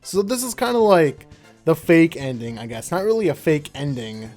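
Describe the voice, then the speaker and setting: This young man's high-leaning, slightly mellow voice is very animated at normal speed as he gives casual let's-play commentary. He rambles, chats, and frequently corrects himself mid-sentence, with faint music playing behind him.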